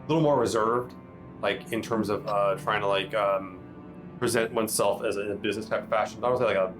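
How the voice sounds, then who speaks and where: A man's voice: on the low side, fast, over music, rough recording. A man narrating a tabletop game as game master, rambling and restarting often. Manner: rambling, lots of fillers and restarts.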